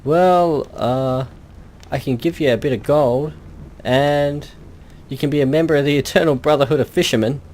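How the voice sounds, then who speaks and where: A man's voice: a little high, normal speed, a little mellow, a little hiss or hum, close to an everyday voice. A man voicing a drunk old male fisherman who slurs a salty sea-dog way of talking and calls everyone matey. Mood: grateful. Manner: slurring sea-dog talk, says matey.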